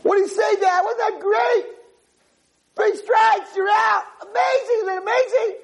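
A man voicing an excitable young boy who boasts cheerfully and shouts with delight about his baseball game. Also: high voice, fairly quick, gravelly, husky, a faint crowd, pitched above the performer's own voice, exaggerated voice. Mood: excited.

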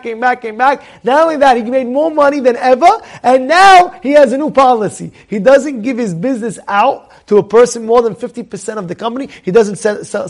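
Creaky high-voiced man preaching. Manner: animated, repeats phrases, swings from loud to hushed; asks the listeners rhetorical questions. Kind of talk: Torah lesson with stories.

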